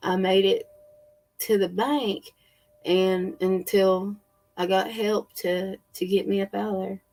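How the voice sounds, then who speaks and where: A woman telling a personal story in a slow, halting way with many fillers. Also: mid-range voice, darkish tone. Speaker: spiritual channel host. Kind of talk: casual storytelling.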